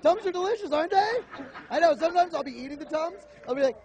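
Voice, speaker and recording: Animated high-voiced young comedian. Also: male voice. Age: young adult. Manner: animated storytelling, acting out quick voices. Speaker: stand-up comedian. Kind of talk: stand-up comedy routine. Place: comedy club stage.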